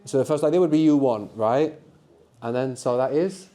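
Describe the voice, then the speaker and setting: In a university lecture room, a man leads a live language workshop, patiently prompting students with questions and answers. His voice is medium-pitched and dark in tone, and he speaks at a normal speed.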